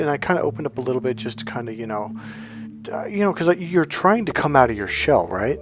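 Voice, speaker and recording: A man's voice: mid-range voice, animated, quick pace, a little hiss or hum. Man telling a candid, profane story. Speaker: coach. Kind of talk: casual monologue.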